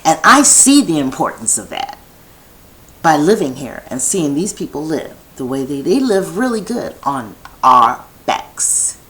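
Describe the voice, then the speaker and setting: A woman's voice: deep voice, very animated, unhurried, a bit bright, poor audio. A woman vlogger talking in a meandering personal monologue from her home set, restarting her thoughts and drifting into chatty asides.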